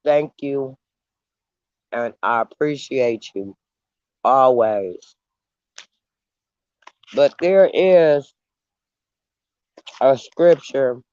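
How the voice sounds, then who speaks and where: Slow-talking man chewing as he chats. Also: medium pitch, darkish tone, no room sound, highs cut off. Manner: unhurried, pausing, eating while talking. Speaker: channel host. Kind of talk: slow casual livestream chat.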